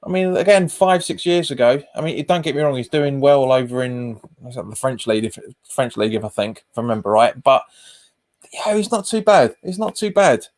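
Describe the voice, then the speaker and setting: A man with a medium-pitched voice speaks fairly quickly while streaming a live football watch-along. He calls out passes, reads and chats casually with viewers, and often repeats himself.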